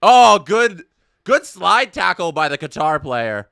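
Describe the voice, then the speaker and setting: A young livestream host with a high, slow, creaky yet smooth voice calls a match during a casual watch-along. The studio-quality recording has no echo. He chats with viewers, reads their messages aloud, and gets excited when big plays happen.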